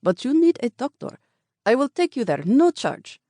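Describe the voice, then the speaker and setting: A woman's voice: a little high, very animated, normal speed, mellow, no echo, clean studio sound, voice pushed up. A woman voicing a concerned male taxi driver with a heavy foreign accent, urging a passenger to go to the hospital. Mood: insistent. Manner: concerned, urging, stuttering at first.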